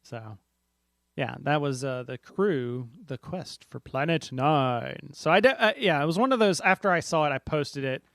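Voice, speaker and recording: A man co-hosting a board game podcast talks casually and rambles, often restarting his sentences. His voice sits a little high for a man. The sound is dry and close, with no room around it. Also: lively intonation, moderate pace, a bit bright, no echo. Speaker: podcast co-host.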